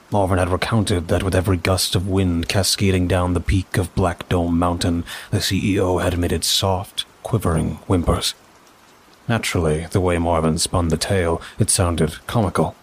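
A man narrating a first-person story in a measured, dry way. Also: low voice, husky.

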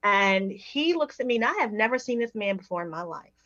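A woman's voice: mid-range voice, lively intonation, brisk, a bit bright, no room sound, dull audio. A woman guest on a podcast, candidly telling a personal recovery story and often laughing as she talks.

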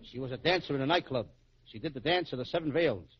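A man's voice: mid-range voice, lively intonation, fast, slight background noise. A man playing the childlike, giggly wisecracking comic in a 1940s radio comedy duo, on a dull old broadcast recording.

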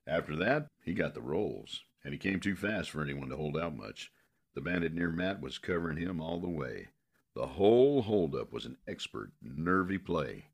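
Very deep, gravelly male narrator. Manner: steady, measured storytelling. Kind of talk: audiobook western narration.

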